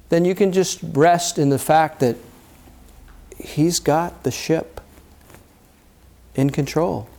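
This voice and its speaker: A man preaching a sermon, reading scripture aloud and talking plainly to a congregation, his voice climbing high when he voices people's pleas and dropping low and soft to reassure. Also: slow pace, pauses often. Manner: reads scripture aloud, then rises high and loud in acted pleas.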